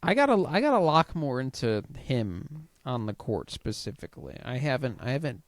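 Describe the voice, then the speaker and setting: A man's voice: medium pitch, big pitch swings, moderate pace, no echo. A man co-hosting a casual sports podcast, riffing sarcastically with exasperated jokes. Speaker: podcast co-host.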